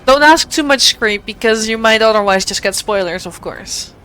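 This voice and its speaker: A woman's voice: fairly high pitch, expressive, moderate pace, fairly bright tone, slight background noise. A young woman streaming a video game, chatting playfully with her viewers as she plays. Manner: chatty, playful, talks to her chat while playing. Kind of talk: casual gameplay commentary. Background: faint game music.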